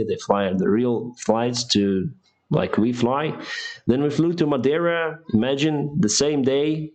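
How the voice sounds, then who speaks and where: A man, an airline pilot answering viewer questions on a live stream, speaking in halting, restarting English with frequent laughs. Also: mid-range voice. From Ukraine.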